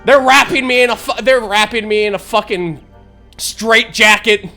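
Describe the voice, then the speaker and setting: A man's voice: high voice, normal speed, sharp tone, faint music behind. A man from the Midwest telling a rambling, laugh-filled story on a live stream, swearing freely. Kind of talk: casual storytelling chat.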